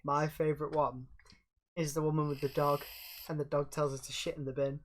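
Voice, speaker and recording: A man's voice: on the high side, little pitch movement, brisk. A young man co-hosting a podcast, bantering with frequent laughs and swearing. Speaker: podcast co-host. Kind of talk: casual chat.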